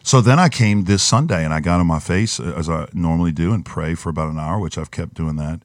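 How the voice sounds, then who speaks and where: A man's voice: deep voice, quick pace, no echo, clean studio sound. A man, a pastor, telling an earnest personal story in a podcast conversation and acting out the voices in his head.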